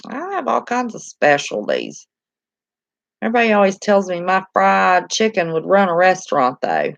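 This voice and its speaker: This woman's fairly low, creaky voice swoops wildly in pitch at a moderate pace as she reads and answers live chat on her stream. Her Southern American accent comes through in homey, talkative banter and easy laughter. The recording is dry and muffled.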